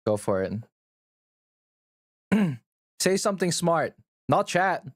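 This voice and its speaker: A man's voice: on the high side, big pitch swings, takes it slowly, dry recording, clean studio sound. A man livestreaming and answering chat in a blunt, profane, teasing way.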